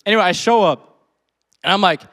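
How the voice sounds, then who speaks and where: A man's voice: high-pitched, a little fast, fairly bright tone. Young man preaching in casual slang. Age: 20s. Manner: casual storytelling with slang, laughs often. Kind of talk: sermon with personal story.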